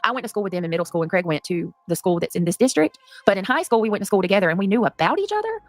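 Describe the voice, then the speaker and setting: A woman's voice: mid-range voice, sing-song, very fast, dry recording. A woman in her thirties chatting casually on a livestream, rambling through a personal story, breaking off to react to chat and cussing freely. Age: 30s.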